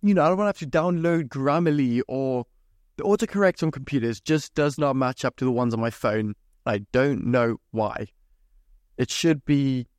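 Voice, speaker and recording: A man's voice: medium pitch, dry recording, clean studio sound. A young man hosting his own podcast, ranting in a casual, sweary and exasperated way. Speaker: podcast host. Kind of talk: solo casual podcast rant.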